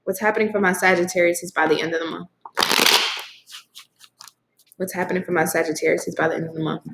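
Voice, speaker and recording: A woman reads tarot casually on camera, her voice on the low side, creaky and fast with fairly even intonation. The room is echoey and the background noisy, and she gushes to her viewers, swearing freely.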